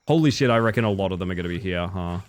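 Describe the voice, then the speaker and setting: Deep-voiced and animated, a man talks very fast while streaming a video game live. His casual commentary mixes replies to viewers' chat with reactions to the gameplay.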